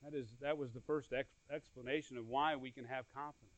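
A man preaching a sermon earnestly. His voice swells louder and then drops soft, and he repeats phrases and restarts words as he goes. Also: mid-range voice, fairly even intonation, fairly quick, low-quality recording. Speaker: pastor.

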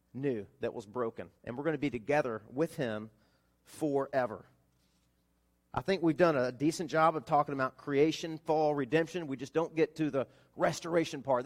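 Pastor guy preaching an easter sermon, kinda high voice, gets loud then goes soft and earnest. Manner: animated preaching, rising and falling between loud and hushed. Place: church service.

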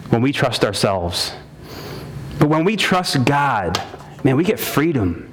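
Male pastor, emphatic sermon delivery, repeats lines for stress, mid-pitched voice. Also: big pitch swings, takes it slowly, slight background noise. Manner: emphatic preacher, repeats lines for stress, says "man" and "guys".

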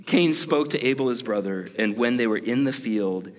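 A male pastor preaching a conversational, lively sermon, often breaking off mid-sentence. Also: mid-range voice, normal speed, hardly any pauses. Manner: conversational, self-interrupting, lively. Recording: long hall reverb.

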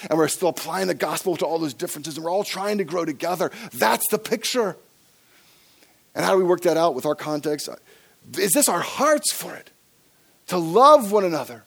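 A man's voice: animated, normal speed, gravelly, breathy edge. Man preaching with big swings. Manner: swings from soft, low asides to loud, emphatic preaching; acts out inner voices in quoted asides. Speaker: pastor. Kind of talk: sermon.

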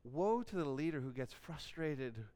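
A man preaching a sermon in an animated way, acting out questions and objections. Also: fairly high pitch, unhurried.

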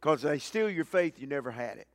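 A man preaching a sermon as pastor, swinging between loud emphatic lines and quiet low asides and repeating key phrases. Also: expressive, fairly quick, no echo, clean studio sound.

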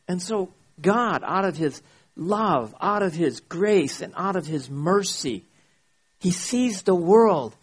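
A man pastor preaching a sermon, emphatic, often checking in with his listeners and reading scripture slowly. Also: a little high, breathy edge. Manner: emphatic, checks in with "You see?" and "Okay?"; reads scripture slowly and deliberately.

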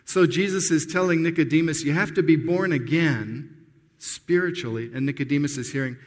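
A man's voice: a little high, a little fast. A man preaching a sermon in a conversational, earnest way, often restarting his sentences as he explains a passage. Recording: long hall reverb.

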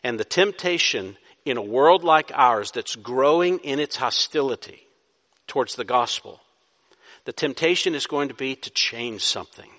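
In a reverberant church sanctuary, a male pastor delivers his sermon, asking rhetorical questions that build into emphatic outbursts. He speaks in an expressive, fairly bright mid-range voice at a moderate pace.

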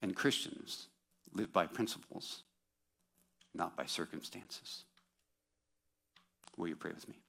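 A man's voice: deep voice, slow pace, gravelly, long pauses, pushed and bright, breathy edge. A man preaching a sermon in a conversational, self-deprecating way, with sarcastic mock quotes.

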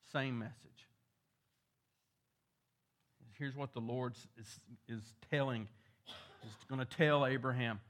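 A man's voice: mid-range voice, steady tone, measured pace, fairly bright tone. A male pastor, preaching a sermon, building in emphasis on key points.

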